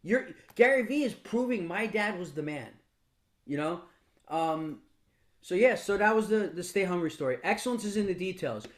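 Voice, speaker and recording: Brief: higher-pitched man, casual motivational mentor, blunt, swears a bit, stumbles and restarts often. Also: lively intonation, normal speed. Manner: casual, blunt, with mild profanity; frequent restarts and repeated words. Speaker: business mentor speaking to a mastermind group. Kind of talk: motivational storytelling talk.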